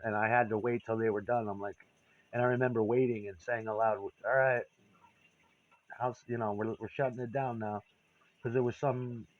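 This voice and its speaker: A man's voice: medium pitch, muffled recording. A man telling a candid, rambling personal story, profane and confessional.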